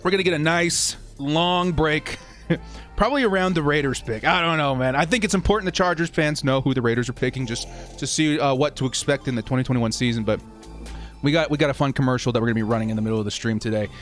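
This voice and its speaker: A man's voice: medium pitch, fast talker, a bit bright, soft background music. A young man hosting a casual fan live stream, upbeat as he reads viewer comments and thanks supporters.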